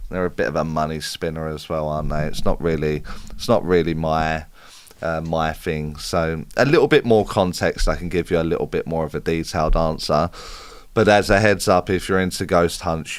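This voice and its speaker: A man with a low voice hosts a relaxed live-stream Q&A, reading out viewer comments and answering off the cuff. His chat is informal and conversational. The sound is dry, with no room echo. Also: clear, resonant tone. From United Kingdom. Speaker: spiritual medium hosting a live Q&A.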